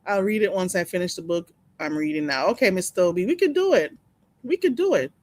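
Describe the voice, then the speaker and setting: A woman's voice: lowish voice, animated, fairly quick, darkish tone, dry recording. Chatty woman gossiping on a live stream. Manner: chatty, gossipy, laughs often, reads out chat names. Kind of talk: casual live-stream chat with viewers.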